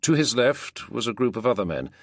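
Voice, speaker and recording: A man reading a novel aloud as an audiobook narrator, in a measured, expressive way. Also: medium pitch, no room sound, clean studio sound. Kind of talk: scripted narration.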